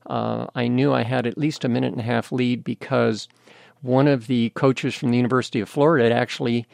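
Older american guy telling a story in an interview, gravelly voice, dry close sound. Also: medium pitch, fairly even intonation, a little mellow, dry recording. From United States. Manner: candid, storytelling, measured. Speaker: guest. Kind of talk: interview conversation.

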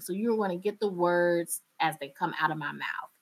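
A woman in her thirties from North Carolina, speaking with a North Carolina Southern accent. Her voice is bright and forward, and she talks candidly and with animation, laughing often as she answers interview questions. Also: medium pitch, steady tone, moderate pace, few pauses. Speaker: radio journalist. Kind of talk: interview conversation.

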